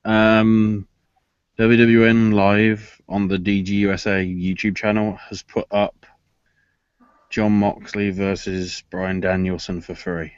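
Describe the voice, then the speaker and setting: Low-voiced man making dry asides. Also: level tone, slow, clean tone, dry recording, muffled recording. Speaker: podcast panelist. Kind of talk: casual podcast chat.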